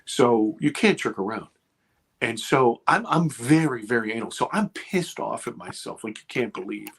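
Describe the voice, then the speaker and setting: A man in his fifties, a podcast guest and producer, telling an intense personal story with swearing and animated retelling. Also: mid-range voice, normal speed, vocal fry, breathy edge. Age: 50s. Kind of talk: emotional storytelling in conversation.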